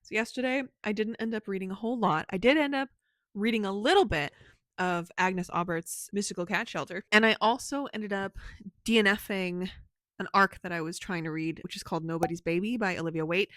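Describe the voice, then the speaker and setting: A woman chatting casually about books in a home vlog, talkative and quick to laugh. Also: on the low side, a bit bright, no echo. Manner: chatty, laughs often, frequent "like". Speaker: book vlogger. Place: home, on the couch.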